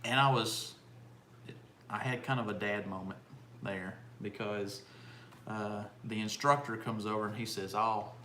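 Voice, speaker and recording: A man's voice: fairly low pitch, fairly even intonation, measured pace, pushed and bright, slight background noise. A middle-aged man co-hosting a casual live chat, rambling with restarts and fillers. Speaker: homestead channel co-host. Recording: echoey room, faint ambience.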